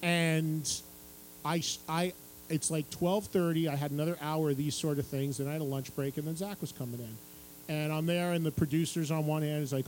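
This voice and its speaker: High-voiced man telling a lively story. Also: moderate pace, slight background noise, poor audio. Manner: lively storyteller who acts out other people's lines and laughs through the tale. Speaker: radio and TV music host telling a story at a book signing. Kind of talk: animated anecdote to a live audience. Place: radio station stage at a public event.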